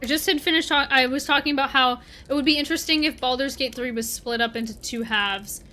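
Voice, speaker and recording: A woman's voice: sits high, quick pace, pushed and bright. A woman from Canada, streaming a game and chatting casually, rambling and answering her chat aloud. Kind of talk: casual livestream chat while gaming.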